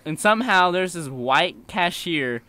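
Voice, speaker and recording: A man's voice: sits high, animated, measured pace, bright, forceful tone, no room sound. A teenage boy telling a story casually, swearing and laughing as he goes.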